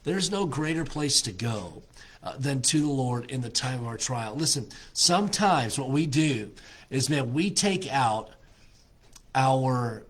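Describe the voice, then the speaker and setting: A husky-voiced man teaching scripture as a pastor in an unhurried devotional. He stumbles through frequent filler words and restarts. When he reads the verses aloud he slows and leans into each phrase. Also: medium pitch, expressive. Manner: halting, many filler uhs and restarts; slows and presses on quoted verses.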